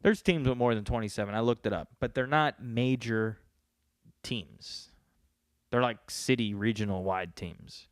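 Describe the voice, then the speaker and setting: A man's voice: medium pitch, a little slow, dry recording, studio quality. A man from New York hosting a podcast, talking in a rambling, profane, joking casual monologue. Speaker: podcast host.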